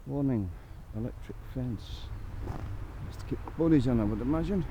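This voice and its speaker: A man's voice: mid-range voice, moderate pace. A Scottish man talking casually to his camera while hiking in the rain, blunt and grumbling, a bit out of breath. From Scotland. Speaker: hiking vlogger. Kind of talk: casual walking commentary. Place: outdoors on a rainy forest trail. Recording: dull lo-fi with loud outdoor noise.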